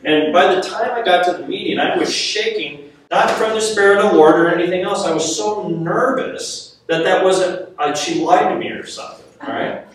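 A man preaching a sermon to a live audience, telling a personal story in an animated, self-mocking way and laughing often. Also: high-pitched, moderate pace, a little hiss or hum. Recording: echoey hall, mic at a distance.

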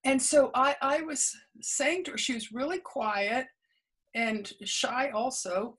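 A woman's voice: sits high, slow, fairly bright tone, husky, rough recording. A woman guest in an interview, earnestly recounting past experiences and acting out quoted dialogue, with frequent small restarts. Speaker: interview guest, memoir author. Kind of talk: conversational storytelling.

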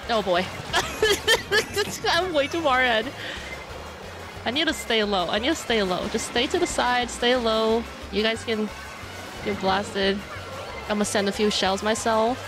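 A young woman with a high voice and an unhurried delivery, talking through a kart race live. She is excitable and chatty, laughing often between remarks. Loud game music plays behind her. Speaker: streamer. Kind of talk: live gameplay commentary.

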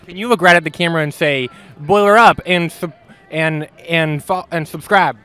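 Goofy fake reporter guy, high bright voice, deadpan jokes, outside at a tailgate. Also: moderate pace, faint music behind. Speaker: comedic mock sports reporter. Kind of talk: joking street interviews. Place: outdoors at a stadium tailgate.

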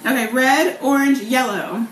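A woman's voice: sits high, measured pace. A woman in her thirties hosting a casual live cooking vlog from her home kitchen. She talks in a bubbly, chatty way, laughs often, and fills her speech with um and like. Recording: echoey kitchen with clear background noise.

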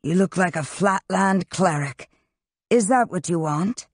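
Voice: medium pitch, a little slow, no room sound, clean studio sound, pitched above the performer's own voice. A reader voicing a teasing young wizard. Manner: teasing and showy. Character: smooth, playful young male wizard. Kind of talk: audiobook character reading.

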